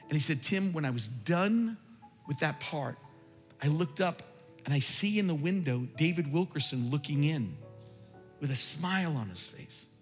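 A man's voice: a little high, animated, moderate pace. A man preaching a sermon, telling a story with fervent, emphatic delivery. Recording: reverberant hall with faint music.

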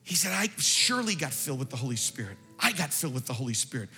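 A man's voice: fairly high pitch, very animated, a little fast, hardly any pauses, pushed and bright. A man preaching a sermon, telling a story with fervent, emphatic delivery. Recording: reverberant hall with faint music.

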